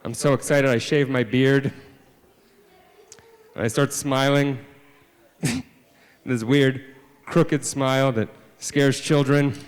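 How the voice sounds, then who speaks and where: A man, a children's author, telling a story live to a family audience, swinging from hushed deadpan asides to loud exclamations. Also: mid-range voice, a little slow, pauses often, in a large hall. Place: library event space.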